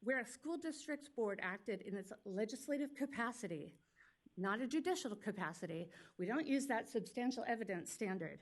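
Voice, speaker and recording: A woman attorney speaking for a school district, giving a formal legal argument at a public hearing in a quick, pointed, argumentative way. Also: on the high side, animated. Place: public meeting hearing room.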